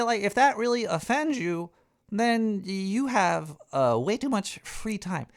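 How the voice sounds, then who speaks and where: A man's voice: high-pitched, expressive, slow. A man hosting a talk show, ranting in a rambling, profane way with frequent stammering and restarts. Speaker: radio show host.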